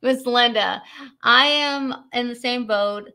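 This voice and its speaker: A chatty young woman hosts a live stream and reads out viewers' questions. Her voice is bright and sharp, and her delivery is quick and friendly, with frequent laughs. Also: a little high, clean tone. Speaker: host of a live product demo.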